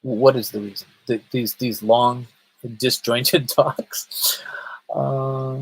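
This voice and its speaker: A husky, mid-range male voice comes through poor audio as he chats casually on a livestream. He rambles, stammers, restarts frequently, and reads out viewers' comments to answer them.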